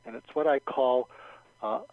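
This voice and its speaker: A man's voice: medium pitch, measured pace, no echo. A man as guest expert in an interview, explaining techniques and acting out example phrases with many restarts. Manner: animated, acts out example phrases, frequent restarts. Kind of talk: interview advice. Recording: dull lo-fi dry sound.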